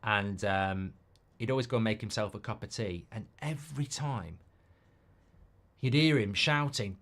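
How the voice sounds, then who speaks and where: A man's voice: on the low side, a bit bright. Middle-aged man ranting on a watchalong. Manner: ranting, sweary, quick to flare up at players. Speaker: host. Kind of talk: live football watchalong chat.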